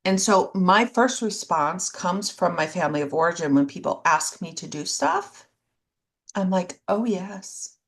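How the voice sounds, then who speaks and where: Candid, lively woman podcast co-host. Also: lowish voice, normal speed. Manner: candid and self-deprecating, with dry sarcasm. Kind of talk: casual chat.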